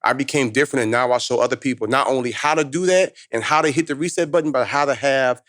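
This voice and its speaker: Brief: man, 30s, motivational speaker, rapid animated storytelling, dry close sound. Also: medium pitch, no echo. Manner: fast, animated street-slang storytelling. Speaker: motivational speaker, podcast guest. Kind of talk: storytelling in casual conversation.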